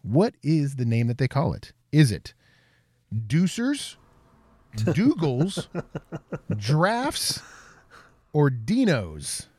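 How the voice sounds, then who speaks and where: A man's voice: fairly high pitch, huge pitch swings, extremely slow, long pauses, a little mellow, husky, dry recording. A man hosting a playful quiz segment, reading out questions and answer options, often laughing. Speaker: quiz host.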